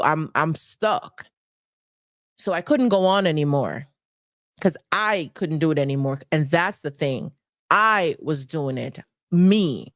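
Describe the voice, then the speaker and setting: A woman's voice: lowish voice, dry recording, studio quality. A woman hosting a motivational personal talk, speaking earnestly and repeating key phrases for emphasis. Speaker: host.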